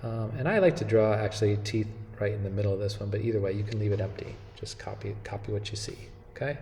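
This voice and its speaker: Mellow-voiced man explaining a tutorial. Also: lowish voice, quick pace, roomy sound, long reverb tail, slight background noise. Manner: relaxed step-by-step explaining with frequent "okay?" checks. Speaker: animation instructor. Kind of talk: screen-recorded software tutorial.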